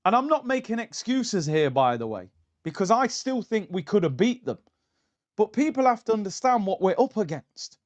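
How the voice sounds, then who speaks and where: A man hosting a fan live stream, reading viewer messages in an excitable, slangy way. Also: high-pitched, lo-fi sound. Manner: excitable and slangy, fast shifts between calm and fired-up. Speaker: fan channel host.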